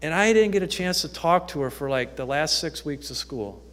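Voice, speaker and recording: Animated and fairly bright in tone, a slightly high male voice delivers an informal testimony from a church pulpit at normal speed. The youth ministry worker speaks chattily, often saying "um," with the sanctuary's echo audible.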